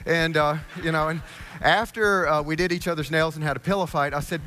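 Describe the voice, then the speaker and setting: A man giving a personal storytelling talk on stage, rambling and halting, with self-deprecating humor. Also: a little high, fairly even intonation, pushed and bright. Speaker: conference speaker. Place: on stage before an audience.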